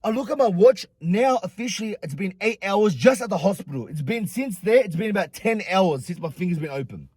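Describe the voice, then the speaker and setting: A young man vlogger telling a story in an animated, profane, slangy way. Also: sits high, brisk, few pauses, slightly rough, no room sound. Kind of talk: storytime vlog.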